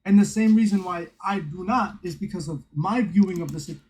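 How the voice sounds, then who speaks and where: A man in casual chat, making a calm, reasoned point. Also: high voice, fairly quick.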